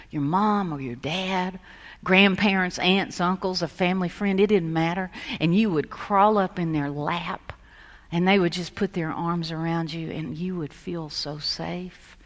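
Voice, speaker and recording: A woman pastor preaching a sermon, telling stories and moving between lively emphasis and hushed soft passages. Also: on the low side. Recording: long reverb of a large hall.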